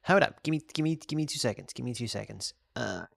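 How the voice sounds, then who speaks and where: A man's voice: mid-range voice, animated, fast talker, vocal fry, husky, dry recording, studio quality. An Australian man streaming a game and chatting casually, rambling and restarting his sentences as he answers chat. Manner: reads out and answers chat questions. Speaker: live streamer.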